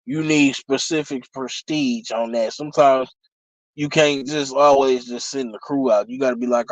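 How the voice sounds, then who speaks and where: A man reviewing a TV episode in a casual, heated rant, swearing constantly, sometimes shouting, and often saying "you know what I'm saying.". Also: mid-range voice, fairly even intonation, moderate pace, no room sound, low-quality recording. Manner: profane, heated, shouts in bursts.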